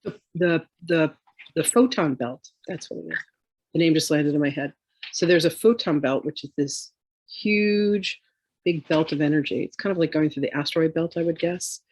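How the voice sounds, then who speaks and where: A woman's voice: low voice, steady tone, a little fast, darkish tone, breathy edge, no room sound. A woman spiritual teacher in a casual chat, telling rambling, chatty stories.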